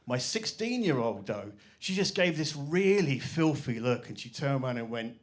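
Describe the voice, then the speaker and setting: A man's voice: mid-range voice, lively intonation, a little fast. A man in his forties doing a stand-up comedy set on a club stage, swearing freely and acting out his family's lines. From England. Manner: swearing, acts out quoted voices of his family.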